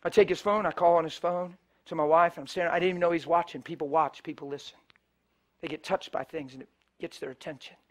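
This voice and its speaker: Before a live church congregation, a middle-aged preacher with a fairly high voice talks fast with fairly even intonation. His sermon is a story, and he voices both parties in every exchange he recounts.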